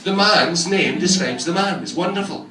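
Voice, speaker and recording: A man's voice: high voice, normal speed. Scottish guy in his 40s doing crude standup, recorded from far off, crowd laughing. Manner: crude, punchy, teasing the crowd. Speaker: stand-up comedian. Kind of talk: stand-up comedy set. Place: comedy club stage in a bar. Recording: echoey room from far off, crowd. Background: audience laughter.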